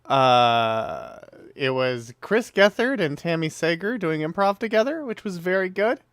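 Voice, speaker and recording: A man's voice: fairly high pitch, sing-song, unhurried, a bit bright, smooth, no room sound, studio quality. A man co-hosting a podcast, telling anecdotes in matter-of-fact casual chat. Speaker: podcast co-host.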